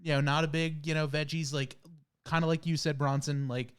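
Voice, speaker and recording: A man's voice: fairly high pitch, little pitch movement, brisk, clean tone. A man co-hosting a casual podcast, speaking in an easygoing way with hesitant fillers. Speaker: podcast co-host. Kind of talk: casual chat.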